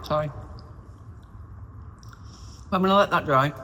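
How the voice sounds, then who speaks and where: A woman's voice: low voice, unhurried. A woman, chatting casually and self-deprecatingly to her own camera while doing DIY in a caravan, rambling and losing her train of thought. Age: 40s. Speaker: vlogger. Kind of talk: casual solo vlog chat. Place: small caravan interior under renovation, windy day. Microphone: self-filmed camera on a stabilizer, sometimes far off. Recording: echoey small room, faint wind noise.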